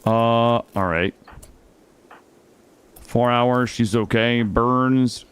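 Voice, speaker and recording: A man's voice: mid-range voice, steady tone, very slow, clear, resonant tone. A young man streaming a video game, talking through it live and swinging from muttering to panicked outbursts. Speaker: gaming streamer. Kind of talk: live gameplay commentary. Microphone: studio microphone.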